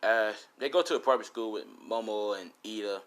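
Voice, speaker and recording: A man's voice: fairly low pitch, fairly quick. A man casually improvising a fan fiction story, rambling with lots of fillers and the odd swear.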